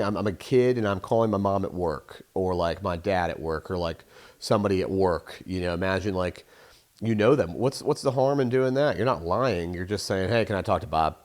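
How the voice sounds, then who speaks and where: A young adult man hosting a show, giving casual sales advice in a rambling, profane way and acting out phone calls in voices. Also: mid-range voice. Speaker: sales trainer and host.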